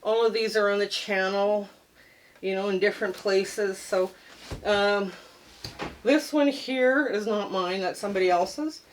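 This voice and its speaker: A woman's voice: medium pitch, a little slow, a little hiss or hum, low-quality recording. A middle-aged woman hosting a quilting channel, chatting casually and rambling a bit as she shows a quilt top in her sewing room. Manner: chatty, rambling, friendly sign-off. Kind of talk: casual show-and-tell vlog.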